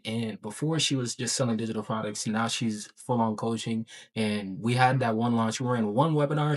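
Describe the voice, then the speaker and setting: A man, an online business coach, talks about his coaching work in a casual daily vlog. He's excited and rambling, his speech packed with slang and filler words, at a medium pitch.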